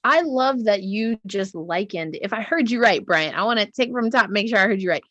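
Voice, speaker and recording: A woman's voice: mid-range voice, expressive, moderate pace, a bit bright, muffled recording. A woman hosting a panel discussion, affirming what guests say and steering the conversation to the next speaker. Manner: affirming, paraphrases and steers the talk. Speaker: host and moderator.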